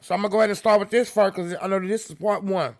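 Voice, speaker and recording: A gravelly-voiced woman hosts a casual live reaction stream. She chats loosely with her viewers and keeps bursting into loud, excited exclamations. Her voice sits at an ordinary middle pitch. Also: racing.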